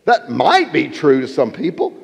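A man preaches with an emphatic, animated delivery, his fairly high voice rising and falling widely. Reverb trails each phrase as it rings through a large hall. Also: normal speed, vocal fry, breathy edge. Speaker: pastor. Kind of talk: sermon.

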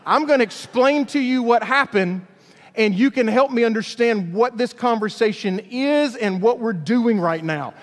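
A man's voice: very high voice, normal speed, in a large hall. A man from Alabama, a youth pastor telling a chatty story in a sermon, with stumbling restarts.

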